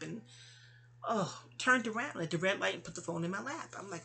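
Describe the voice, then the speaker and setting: A woman's voice: medium pitch, a little fast, vocal fry, pushed and bright. A woman hosting her own channel, venting in a casual, rambling monologue full of restarts and trailing asides. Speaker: channel host.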